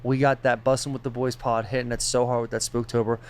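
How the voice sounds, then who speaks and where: A man co-hosting a podcast, delivering loud, joking, rambling banter and promos. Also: mid-range voice, little pitch movement, fast. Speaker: podcast co-host.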